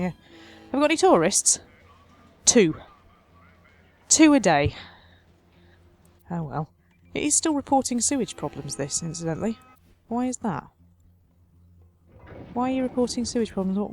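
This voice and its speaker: A woman with an average-pitched voice talks her way through a city-building game. She speaks in a chatty, wry manner and addresses the tiny citizens directly. Faint music plays behind her. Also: darkish tone. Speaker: let's play host. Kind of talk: casual game commentary.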